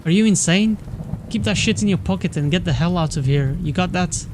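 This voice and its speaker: A man's voice: high voice, a little fast, background noise, natural voice. A man voicing a violent, abusive father who snarls threats at his family. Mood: threatening.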